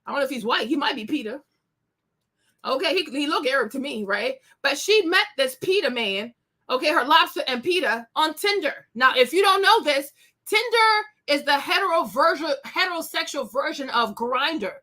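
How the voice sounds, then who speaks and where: A woman's voice: high-pitched, animated, moderate pace, sharp tone. A woman hosting a commentary show, ranting bluntly and scathingly with bursts of laughter. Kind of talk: opinionated commentary rant.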